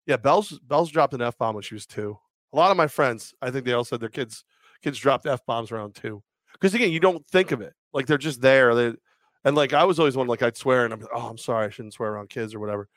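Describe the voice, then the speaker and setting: A man's voice: medium pitch, fast, a bit bright, dry recording. A man co-hosting a casual sports podcast, joking crudely and rambling through stories. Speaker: podcast co-host.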